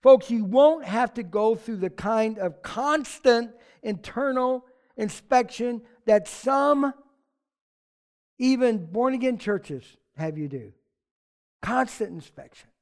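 A preacher from the United States giving a sermon, conversational and animated, with jokes and asides. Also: mid-range voice, slow. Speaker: pastor.

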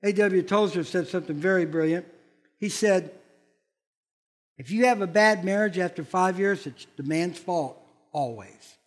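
A man's voice: sits high, a little slow. An older man, a pastor, preaching a sermon in a folksy, blunt manner and acting out quoted voices.

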